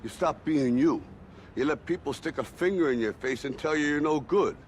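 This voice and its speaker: Man doing an older boxer, stern and blunt, film monologue, slightly raised pitch, faint room noise. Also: moderate pace, lightly acted. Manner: blunt, working-class speech that builds to fierce urging. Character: aging male boxer sternly lecturing his grown son.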